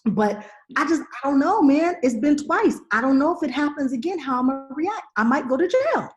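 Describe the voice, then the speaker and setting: A woman podcast host in her forties, chatting casually and telling a story with lively acted-out dialogue. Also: high voice, a little fast. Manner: animated storyteller, acting out dialogue. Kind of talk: casual chat.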